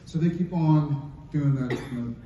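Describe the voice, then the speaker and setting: A man on a convention panel, telling an animated story with playful asides. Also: fairly high pitch, a little slow, heavy background noise. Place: large convention hall. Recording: dull echoey hall sound from a distance.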